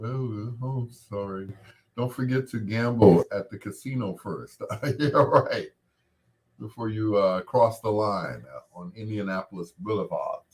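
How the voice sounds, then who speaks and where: An older man hosts a loose, casual chat with his viewers, rambling easily from one thought to the next. His voice sits low, and he takes his time, letting each phrase stretch out. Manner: relaxed, rambling, greets viewers by name. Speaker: host.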